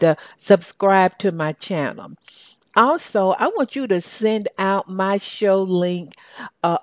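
A woman with a Southern US accent hosting a radio talk show as a success coach, talking with lively enthusiasm and a lot of fillers. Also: mid-range voice, no echo. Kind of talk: upbeat radio show monologue.

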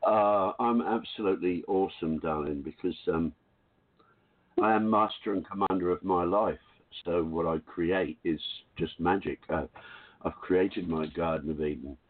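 An older man calling in to a talk radio show, telling his story in a frank, confident, unhurried way. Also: low-pitched. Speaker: caller. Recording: tinny phone line.

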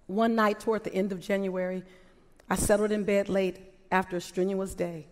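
A woman's voice: mid-range voice, flat delivery, measured pace, long pauses. A woman giving an inspirational speech to a live audience, firing off impassioned rhetorical questions. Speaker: motivational speaker. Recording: long reverb of a large hall.

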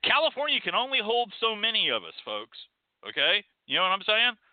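A man hosts his show in a sarcastic, profane rant. His fairly high voice swings up and down a lot. The sound is dry and thin, like a phone line. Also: huge pitch swings, a little fast, no room sound. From Texas. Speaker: show host. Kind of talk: ranting monologue.

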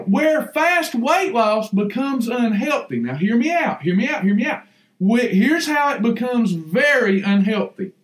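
High-voiced fired-up preacher man. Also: reverberant. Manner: folksy, emphatic, repeats lines for effect. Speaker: podcast host. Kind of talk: fiery preaching on weight loss.

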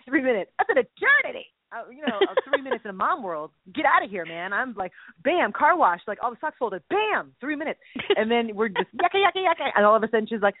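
A woman's voice: fairly high pitch, no echo. A woman co-hosting a casual radio talk show, playful and laughing. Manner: animated, laughing, playful mimicry. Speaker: co-host. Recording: tinny phone-line radio sound.

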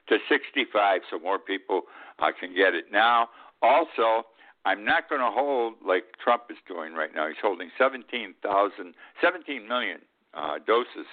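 Man in his eighties, radio host, political commentary, blunt and indignant, repeats himself, lively pitch, phone-like sound. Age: 80s. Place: Key West. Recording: tinny phone-like line.

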